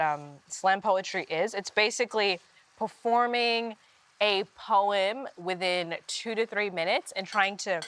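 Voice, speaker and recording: Ugandan-born lady comic, aussie accent w/ american r, laughs a lot, animated storyteller. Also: mid-range voice. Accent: Australian with American R. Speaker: guest comedian. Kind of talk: casual chat while cooking.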